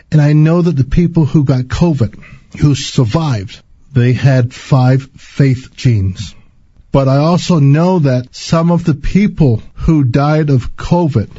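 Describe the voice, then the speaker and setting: Deep husky-voiced man, earnest and slow. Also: dark tone, dry recording, dull audio. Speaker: spiritual speaker. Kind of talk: personal spiritual testimony.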